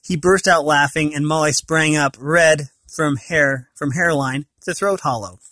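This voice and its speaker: A man's voice: fairly high pitch, a little slow, bright, forceful tone, no room sound. A man reading a storybook aloud, often stumbling and correcting himself mid-sentence. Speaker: reader of a novel.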